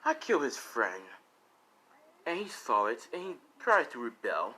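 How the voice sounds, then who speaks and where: A cruel slave-owning woman who turns from sugary sweetness to icy menace in a homemade spoken story, as a male narrator puts her on. The delivery is slow and drawn out. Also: mid-range voice, wildly swooping pitch, bright, forceful tone, slight background noise, full character voice. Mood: aggrieved. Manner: switches from sugary to cold. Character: cruel female slave owner, adult, volatile.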